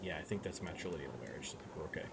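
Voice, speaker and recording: A man's voice: a bass voice, lively intonation, very fast, creaky. A man talking through a strategy game as he plays, thinking aloud in a chatty way with many restarts. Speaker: let's play streamer. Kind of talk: gameplay commentary. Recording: noise behind the voice.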